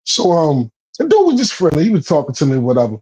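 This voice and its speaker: A man telling stories in a casual, profane chat, animated and laughing often. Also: a little high, fast talker, rough recording.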